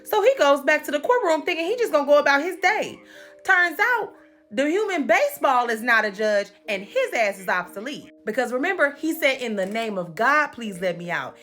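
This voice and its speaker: A woman tells a comedic recap in a sassy, animated voice that is high and swings widely in pitch. Her tone is bright and sharp, and she drops swearing asides. Faint music runs underneath.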